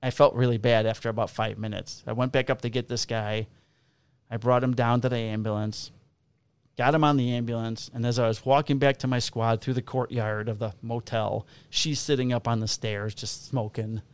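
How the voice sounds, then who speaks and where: A man's voice: mid-range voice, fairly even intonation, moderate pace, smooth. A man who works as a police officer, telling profane stories in a casual chat and acting out both sides of the conversations.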